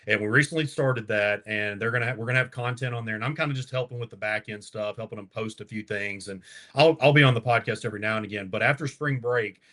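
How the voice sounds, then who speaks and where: A man in his thirties talks at a quick clip, chatting about sports as a guest reporter. He rambles eagerly and keeps restarting his sentences. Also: on the low side, fairly bright tone. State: has the hiccups. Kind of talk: casual interview chat.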